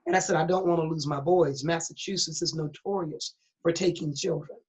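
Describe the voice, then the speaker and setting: The low-pitched, darkish voice of a middle-aged woman pastor moves a little fast as she recounts her personal testimony during an interview where she is the guest. She's earnest and candid, with a preacher's emphasis, and the recording is dull and lo-fi.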